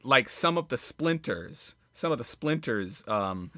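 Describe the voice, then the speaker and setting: A man co-hosting a casual comedy podcast, telling a rambling story with halting restarts. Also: medium pitch, sing-song, pushed and bright. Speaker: podcast co-host.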